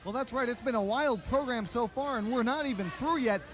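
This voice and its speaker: A man's voice: very high-pitched, brisk. A man giving color commentary on a wrestling show, recapping events with skeptical asides.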